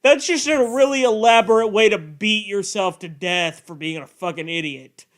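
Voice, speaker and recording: A man with a noticeably high, smooth and clear voice. He chats casually with friends on a stream. His humor is sarcastic and crude. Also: moderate pace, fairly bright tone. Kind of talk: casual chat.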